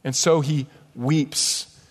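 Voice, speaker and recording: A pastor preaches to his congregation in an animated way, often pausing on rhetorical questions. His man's voice sits a little high. The sound carries a long reverb from the church hall. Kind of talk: sermon. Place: church sanctuary.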